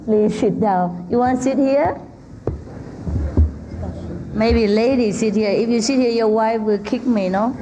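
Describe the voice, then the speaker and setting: A woman's voice: a little high, unhurried, long pauses, noisy background. A woman spiritual teacher giving an informal talk to an audience in a hall, teasing and laughing often, in simple non-native English.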